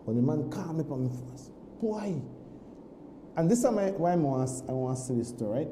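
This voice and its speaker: A man tells a personal story on a morning talk show, animated, often repeating himself and restarting his sentences. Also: a little high, a little fast, echoey room, a little hiss or hum, rough recording. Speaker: guest.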